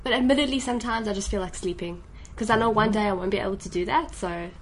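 A woman's voice: medium pitch, fast, slight background noise, rough recording. A woman from Johannesburg with a South African accent, chatting as a podcast guest in an office conference room in a composed, matter-of-fact way. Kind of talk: casual podcast chat.

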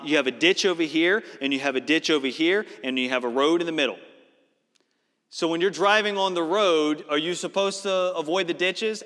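A male preacher delivers a sermon with a high voice. His tone is bright and ringing, and his words carry a long reverb from a large auditorium. He explains scripture with emphatic, steady conviction. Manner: explanatory, emphatic Bible teaching. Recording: reverberant hall.

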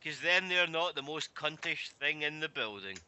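A man's voice: a little high, expressive, normal speed, bright, forceful tone. A man in casual chat, telling stories and ranting with a lot of swearing. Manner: profane, ranting storyteller.

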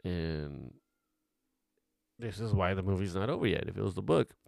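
Low gravelly man rambling through commentary. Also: lively intonation, normal speed, a little mellow, no room sound, clean studio sound. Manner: rambling, offhand, swears casually. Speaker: film commentary host. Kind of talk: casual movie commentary.

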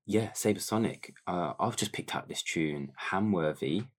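A man's voice: deep voice, lively intonation, unhurried. A man co-hosting a podcast, chatting casually and rambling with lots of fillers. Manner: laid-back, rambling with many fillers. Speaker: podcast co-host. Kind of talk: casual chat.

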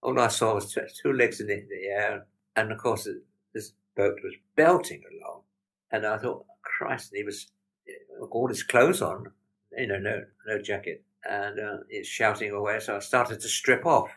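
A man's voice: on the low side, moderate pace, fairly bright tone, low-quality recording. An older British war veteran, a man telling plain-spoken anecdotes and acting out the dialogue he quotes. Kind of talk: anecdotal storytelling.

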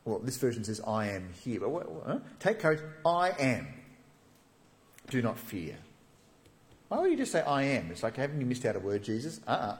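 A man preaching a sermon, animated and acting out the voices of the people in the passage he reads. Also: mid-range voice, moderate pace, pauses often. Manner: animated, acts out quoted voices.

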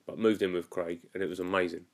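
A man's voice: deep voice, little pitch movement, fast talker. A young man telling a story about his cruise ship job in a casual, rambling and chatty way. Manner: rambling, chatty, lots of "like" fillers. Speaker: former cruise ship youth activities worker.

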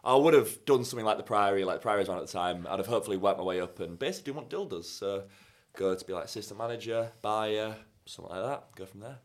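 A man's voice: fairly low pitch, fast talker, few pauses. A young man hosting a podcast in casual chat, teasing his guest and laughing often. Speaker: podcast host.

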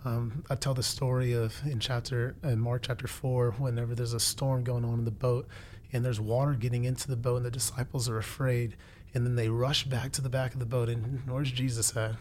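A man's voice: medium pitch, little pitch movement, a little fast, darkish tone, slight background noise. A man in his twenties sharing a faith testimony in conversation, earnest and preacherly, repeating phrases for emphasis. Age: 20s. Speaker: guest.

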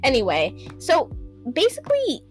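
A woman's voice: sits high, huge pitch swings, a little slow, faint music behind. A young woman hosting a casual solo podcast, rambling, stumbling over hard words and laughing at herself, on a home microphone. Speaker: podcast host.

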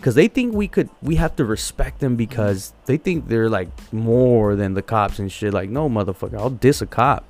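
A man's voice: medium pitch, animated, moderate pace, hardly any pauses, a little mellow, faint music behind. A man on a podcast telling a heated story, swearing constantly and repeating words as he goes. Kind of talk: casual profane storytelling.

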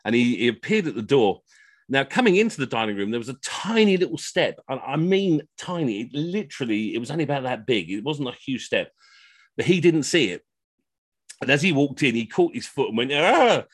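A middle-aged man telling comic anecdotes on a video call, animated and slipping into funny voices for the people in his stories. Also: medium pitch, a little fast, no room sound. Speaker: costumed Henry VIII entertainer telling stories.

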